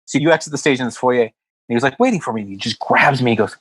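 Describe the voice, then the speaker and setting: A man's voice: mid-range voice, racing, fairly bright tone, slightly rough, no room sound, rough recording. A man who is a comedian, telling rambling stories in a casual podcast chat and acting out quotes. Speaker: comedian guest. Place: West Hollywood.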